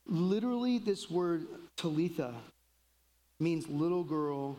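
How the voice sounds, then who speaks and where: A pastor preaching a sermon in a conversational way, acting out quotes in lively voices. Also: mid-range voice, measured pace, big-room sound, poor audio.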